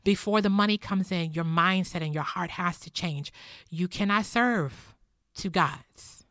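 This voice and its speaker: A woman's voice: fairly low pitch, a little slow, a bit bright, dry recording, studio quality. A middle-aged woman teaching about faith and money in an earnest, heartfelt, personal way, moving between teaching and prayer. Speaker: Christian teacher.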